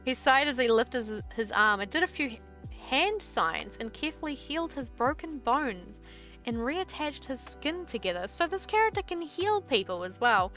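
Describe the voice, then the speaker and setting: A woman's voice: sits high, very animated, normal speed, a bit bright, faint music behind. A young woman streamer reading her old story aloud, breaking off into exasperated, swearing asides.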